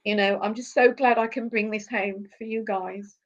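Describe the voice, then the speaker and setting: A woman's voice: medium pitch, fairly even intonation, moderate pace. Heartfelt woman, slightly dull recording. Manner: heartfelt, repeats herself when moved. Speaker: podcast guest, athlete. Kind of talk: emotional interview conversation.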